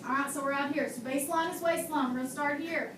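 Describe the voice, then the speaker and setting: A woman's voice: high-pitched, fairly even intonation, quick pace. A woman teaching a classroom phonics and handwriting lesson, patiently quizzing her students and modeling sounds. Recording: echoey room, mic far off, faint hum.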